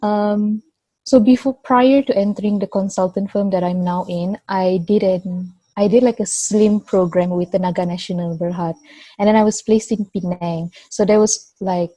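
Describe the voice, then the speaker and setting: A young woman with a Sabahan Malaysian English accent speaks in a casual interview, pausing and restarting as she searches for words. Her voice is warm and mellow, recorded close and dry. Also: mid-range voice, fairly even intonation, no echo. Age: 20s. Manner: hesitant, many restarts and fillers. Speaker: interview guest, engineer.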